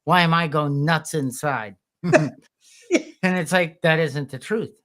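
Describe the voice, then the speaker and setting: A man co-hosting a podcast who tells personal stories in a lively, self-mocking way and clears his throat now and then. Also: on the high side, slow. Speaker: podcast co-host. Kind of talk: candid podcast conversation.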